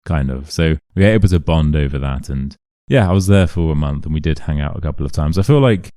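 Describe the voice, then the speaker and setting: A man's voice: extremely low pitch, fast, no room sound, clean studio sound. A young English man with a modern RP accent, an English teacher chatting animatedly and telling stories while walking outdoors through city streets. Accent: modern RP British English. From England. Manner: chatty, animated storyteller who acts out voices. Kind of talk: casual walk-and-talk vlog storytelling.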